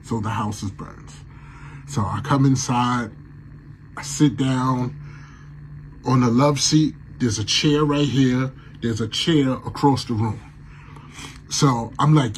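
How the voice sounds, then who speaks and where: A man telling a dream ghost story on a radio show in a casual, animated way, acting out his own shouted lines. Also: mid-range voice, slow, pauses often, a little hiss or hum, rough recording.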